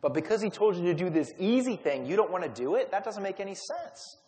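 A man's voice: sits high, sing-song, fairly quick, warm tone. Man doing a frank, bold servant. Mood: reasoning. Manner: reasoning, frank. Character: bold loyal male servant. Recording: long hall reverb.

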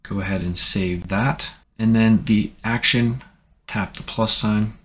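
A man hosting a tech tutorial, giving relaxed, plain step-by-step instructions in a casual way. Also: fairly low pitch, measured pace.

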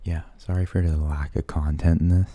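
A man rambling in soft-spoken ASMR, half-whispering and hesitating as he searches for words. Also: very deep voice, level tone, moderate pace, no echo. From United States. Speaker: ASMR channel host.

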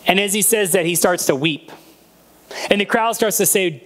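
A man's voice: high voice, normal speed. A man preaching a sermon as a pastor, retelling a Bible story and acting out the voices in it.

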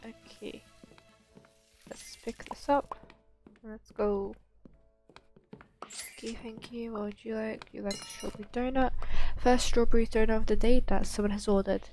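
A woman's voice: fairly high pitch, flat delivery, a little slow, pauses often, warm tone, faint music behind. A young woman giving casual commentary while playing a bakery game, chatting to herself and to the customers in the game. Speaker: gaming channel host.

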